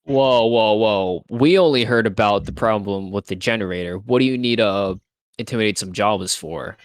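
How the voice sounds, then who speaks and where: A man's voice: on the low side, brisk, dry recording. A man playing a tabletop game, speaking in character and describing his moves. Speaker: player.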